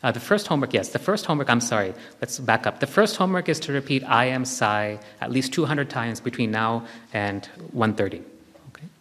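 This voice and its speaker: A man giving a live spiritual talk to a group, gently instructive and repeating his key phrases. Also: mid-range voice, expressive, a little fast. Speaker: spiritual teacher. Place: large hall with long reverb. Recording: long hall reverb from a live talk.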